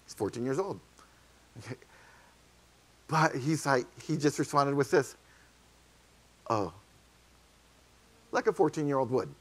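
A male pastor delivering a sermon, telling a story quietly and then rising into fervent, pleading preaching. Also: medium pitch, animated, normal speed, long pauses. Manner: storytelling, swings from hushed to fervent. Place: church sanctuary.

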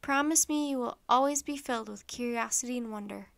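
A woman reads as a wise elderly statesman from a storybook, speaking in an earnest, formal way. The voice sits fairly high for the part and carries a gentle, measured tone. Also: gravelly, smooth.

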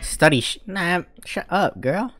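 A woman giving loud, profane, mocking commentary while reacting to a video, often laughing. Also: lowish voice, animated, unhurried, soft background music.

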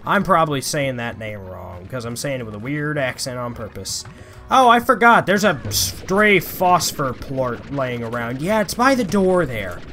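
A man's voice: medium pitch, big pitch swings, moderate pace, bright, forceful tone, faint music behind. A young man giving playful, chatty let's-play commentary, talking to the creatures in his game. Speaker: gaming YouTuber.

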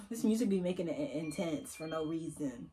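A low-pitched, dark-toned voice with lively intonation belongs to a young woman who posts gaming videos on YouTube. At a moderate pace she offers casual let's-play commentary at her computer, chatting with viewers and coaxing and teasing the characters, faint game music behind her.

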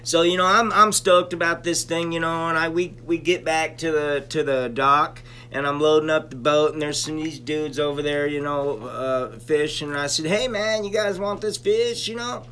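A man's voice: on the high side, steady tone, normal speed, few pauses, pushed and bright, clear, resonant tone. A man hosting a casual live stream, telling rambling stories full of "you know" and breaking off to greet viewers by name. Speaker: stream host reviewing cannabis.

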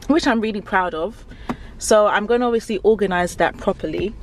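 A woman's voice: mid-range voice, fairly quick, noisy background. A young woman vlogging casually to her own camera, rambling and chatty and often laughing. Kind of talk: casual vlog chat to camera.

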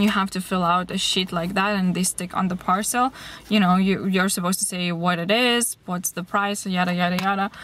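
A woman's voice: medium pitch, fairly bright tone. A young woman from Lithuania, a native Lithuanian speaker, chatting casually to her vlog camera with lots of fillers. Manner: chatty storytelling with many fillers. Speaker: vlogger.

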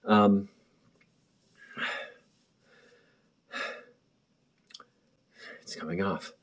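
A man's voice: sits low, fairly even intonation, drawn-out words, slight background noise. A young man vlogging at home in his bathroom, nervous and rambling, joking to the camera, recorded on a muffled built-in camera mic. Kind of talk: casual chat to camera.

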